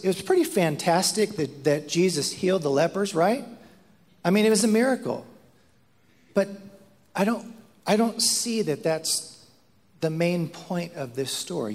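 A man delivers a sermon in a slow, unhurried way, his pitch swinging widely as he acts out the voices in his story. His voice sits a little high for a man. A long reverb trails behind every word, like a large church hall. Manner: animated storytelling preacher, acts out quotes, repeats words. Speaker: pastor.

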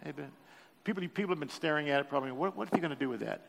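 A man's voice: fairly high pitch, animated, rapid-fire, creaky, a bit bright. An older man preaching a sermon, telling a personal story with emotion and joking with the congregation. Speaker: pastor. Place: church sanctuary. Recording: reverberant church hall.

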